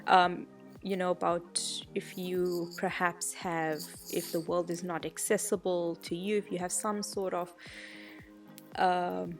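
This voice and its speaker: A woman co-hosting a podcast in casual chat, telling stories in a chatty, animated way. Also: on the low side, slow pace, faint music behind. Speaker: podcast co-host.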